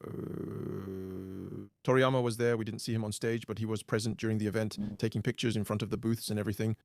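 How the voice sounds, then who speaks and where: A man's voice: fairly low pitch, little pitch movement, a little fast, gravelly, a little mellow, no echo, studio quality. A man co-hosting a podcast in casual chat, easygoing, explaining things at length. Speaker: podcast co-host.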